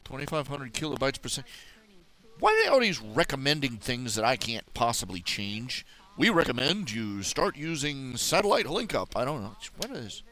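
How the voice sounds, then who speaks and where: A man's voice: medium pitch, pushed and bright. A man hosting a casual live stream by himself, rambling playfully with silly mock grammar and muttering to himself as he fiddles with settings.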